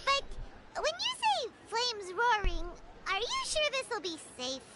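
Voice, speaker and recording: A woman's voice: very high voice, huge pitch swings, takes it slowly, heavy background noise, heavily acted. A woman voicing a tiny, bubbly floating girl companion in a game, who talks about herself in the third person. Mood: cheerful. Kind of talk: game dialogue. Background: game music.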